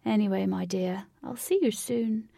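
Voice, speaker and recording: A woman's voice: mid-range voice, moderate pace, gravelly, warm tone, no room sound, studio quality, far from the mic. A woman doing a fond old gardener.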